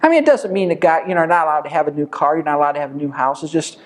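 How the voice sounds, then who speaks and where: A man's voice: fairly high pitch, very fast. A man leading an informal Bible study lesson, speaking conversationally and firing off rhetorical questions that he answers himself.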